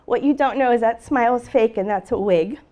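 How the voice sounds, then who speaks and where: A woman's voice: on the high side, fairly quick, mellow. A middle-aged woman teacher giving an earnest, emotional talk about her classroom, speaking to an audience with slides.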